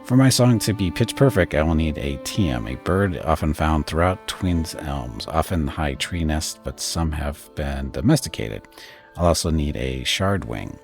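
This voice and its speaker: A man's voice: a bass voice, animated, measured pace, creaky, faint music behind, full character voice. A man reading the part of a small, eccentric male Orlan singer from a video game, in a plain, lightly voiced way. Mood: eager.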